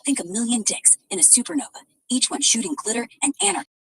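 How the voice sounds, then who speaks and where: A foul-mouthed female AI voice rants in wild, vulgar bursts from a device in a car. Her tone sits a little high and has a husky, breathy edge. The sound is close and dry. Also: sing-song, fast, no echo, low-quality recording. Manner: crude, gleefully vulgar, over-the-top. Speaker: AI voice assistant. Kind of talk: unhinged profane banter.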